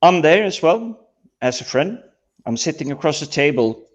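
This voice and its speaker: Animated man on dull lo-fi audio. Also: a little high, moderate pace. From Scandinavia. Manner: animated, stammering restarts, laughs while talking. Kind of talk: casual chat.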